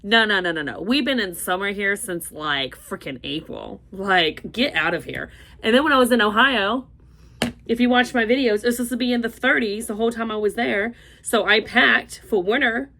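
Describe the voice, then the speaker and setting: A young beauty vlogger from Florida chats casually through a makeup tutorial in a slightly high voice at a moderate pace. She rambles and exclaims with animation, then drops to murmurs while applying.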